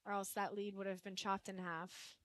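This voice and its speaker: A woman's voice: medium pitch, level tone, normal speed, dry recording. A young woman giving color commentary on a live game, chatty and wry in her analysis.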